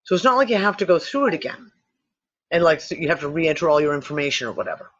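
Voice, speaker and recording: Speaking fast and very animatedly, this podcast host has a notably high, slightly bright voice. He meanders through a speculative theory, swearing offhandedly and restarting his thoughts mid-sentence, all captured on a dull, lo-fi recording with muffled highs.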